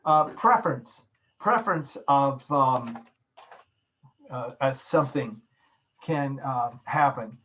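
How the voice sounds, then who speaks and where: A man teaching a course over a video call, explaining slowly and illustrating points with everyday examples. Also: mid-range voice, fairly bright tone, low-quality recording. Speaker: course instructor. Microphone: video call microphone.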